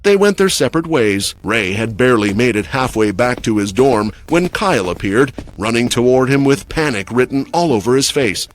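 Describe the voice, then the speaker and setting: A man's voice: medium pitch, animated, normal speed, few pauses. A man giving scripted, dramatic story narration for a comic recap.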